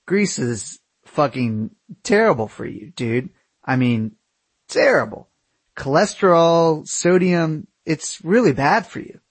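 A man voicing a blunt, exasperated young male traveler who insists and swears casually, with a husky voice. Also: a little high, lively intonation, takes it slowly, dry recording, pitched above the performer's own voice, full character voice.

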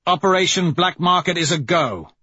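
A man voicing a brash, wild young male rebel leader who talks loud and excitable. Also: sits high, normal speed, breathy edge, no echo, highs cut off, pitched above the performer's own voice, exaggerated voice. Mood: gleeful.

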